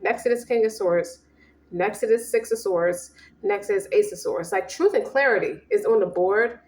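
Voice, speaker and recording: A woman's voice: medium pitch, moderate pace, darkish tone, reverberant. A woman giving a casual tarot reading, slangy and profane, rambling and emphatic. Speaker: tarot reader.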